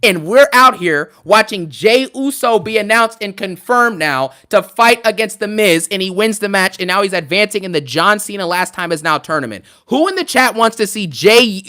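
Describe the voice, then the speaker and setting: A man hosting a live stream, ranting in an animated, sarcastic and emphatic way. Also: high voice.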